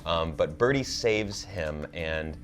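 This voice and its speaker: A young man co-hosting a casual TV recap, talking in an animated way with many fillers and restarts. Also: low-pitched, slow pace, soft background music. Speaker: show co-host.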